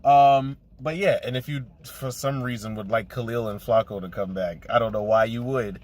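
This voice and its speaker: A man's voice: medium pitch, normal speed, a little mellow. A young man co-hosting a podcast, joking and cursing as he talks to viewers. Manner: joking, profane, addresses viewers. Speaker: podcast co-host. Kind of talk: casual chat.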